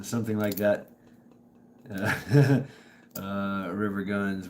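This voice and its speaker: A middle-aged man with a strained, hoarse voice, hosting a casual live stream and rambling, halting as he greets viewers by name. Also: on the low side, slight background noise. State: strained voice from dusty work.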